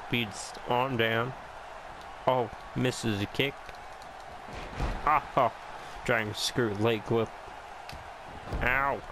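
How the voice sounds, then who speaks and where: Man, casual gameplay commentator, slow-paced, excitable gasps, sarcastic jokes, noisy home recording. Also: medium pitch. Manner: excitable, reacting with gasps and swearing; joking, sarcastic asides. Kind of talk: casual let's-play commentary.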